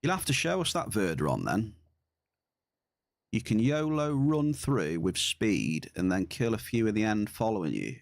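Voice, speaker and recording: Male streamer, lowish voice, dry close mic, relaxed banter. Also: normal speed, vocal fry, dry recording. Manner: chatty, reads and answers chat. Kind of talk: casual gaming stream chat.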